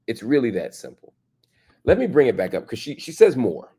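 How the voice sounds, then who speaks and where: A man's voice: medium pitch, very animated, a little fast, mellow, slightly rough. A man hosting a reaction commentary, emphatic and repeating his points for stress. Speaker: show host and commentator. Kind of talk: reaction commentary on a played clip.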